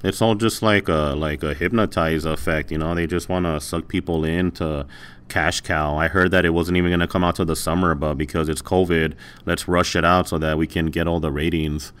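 Low-voiced man, cynical and defensive. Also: fairly even intonation, a little fast, a bit bright, clear, resonant tone. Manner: defensive, cynical, swears casually. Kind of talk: casual argumentative chat.

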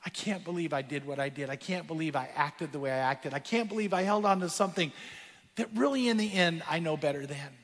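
A male pastor preaching a sermon, telling a story that moves between hushed and emphatic passages. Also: a little high, brisk, big-room sound.

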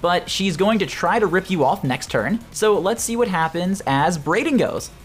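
A game master runs a tabletop battle in a loose, playful way. The voice is of ordinary middle pitch. The narration stays animated as the players break the planned encounter. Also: moderate pace, soft background music.

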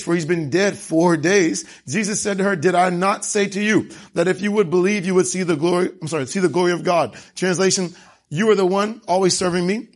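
A man preaching a sermon in a conversational way, acting out the dialogue of the scripture passages he reads. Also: high voice.

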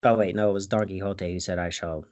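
A man's voice: sits low, fast talker. A man casually retelling a movie plot, swearing a lot and laughing at it. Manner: profane, animated, laughs often. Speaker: movie recapper.

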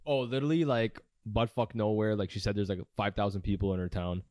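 Young Canadian male co-host, rapid joking banter, deep-ish voice, dry mic. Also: steady tone, darkish tone, no echo. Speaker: podcast co-host. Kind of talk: casual chat.

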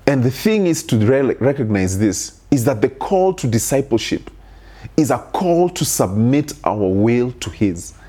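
Husky-voiced man preaching earnestly. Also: medium pitch, big pitch swings, unhurried, dark tone. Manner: earnest preaching, repeated rhetorical questions. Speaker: pastor. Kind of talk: sermon.

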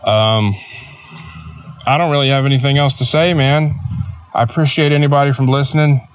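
A man's voice: mid-range voice, fairly even intonation, normal speed. A man hosting a solo podcast, telling a story in a rambling, profane, self-mocking way, tired after an early start. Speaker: podcast host. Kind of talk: casual solo podcast monologue.

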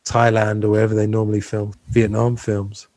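A man's voice: on the low side, completely flat delivery, fairly quick, darkish tone, dry recording. A man hosting a casual film discussion, talking loosely with many fillers and restarts. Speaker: podcast host.

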